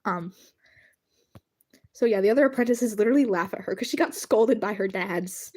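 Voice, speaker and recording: A woman's voice: medium pitch, moderate pace, a little mellow, husky. A woman chatting casually on a livestream while drawing, rambling and giggling as she thanks her viewers.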